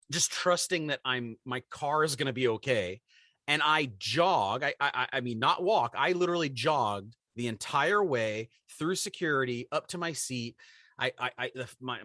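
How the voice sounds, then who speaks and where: A man in his forties telling a story on a podcast in casual chat, animated and acting out the voices of people in it. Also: fairly high pitch, no room sound, studio quality. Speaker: podcast co-host.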